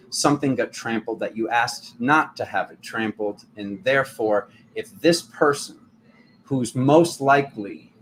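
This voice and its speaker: A man hosting a tarot channel, giving a casual spiritual talk in a rambling, animated way full of restarts and fillers. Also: mid-range voice, slight background noise.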